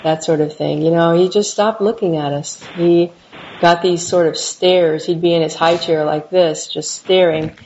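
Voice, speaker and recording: Middle-aged woman, low mellow voice, halting reflective interviewee, dull lo-fi recording with faint hiss. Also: steady tone. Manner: halting, reflective, many restarts. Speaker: interviewee, mother. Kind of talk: personal recollection interview.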